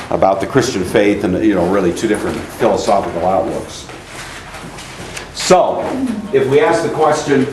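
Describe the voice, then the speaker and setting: A male teacher lectures a class at a steady middle pitch, stopping to quiz students and then explaining in long stretches. The room is echoey and a faint hiss runs underneath.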